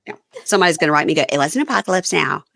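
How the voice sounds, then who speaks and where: A woman's voice: low voice, expressive, racing, creaky, a bit bright. A woman hosting a podcast, chatting casually and rambling through a recap with frequent laughs. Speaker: podcast host.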